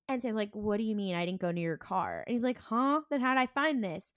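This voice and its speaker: A woman co-hosting a podcast, casually recapping a TV episode and acting out the characters' lines in quick voices, with a lot of "like". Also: on the high side, sing-song, no echo, clean studio sound. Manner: heavy use of "like" and "and he's like". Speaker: podcast co-host.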